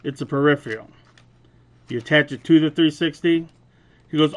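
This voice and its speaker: A young adult man with a loud, booming voice retells a store argument in a casual, profane, animated way, laughing as he goes. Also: measured pace, pauses often. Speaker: vlogger. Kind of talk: casual storytelling rant.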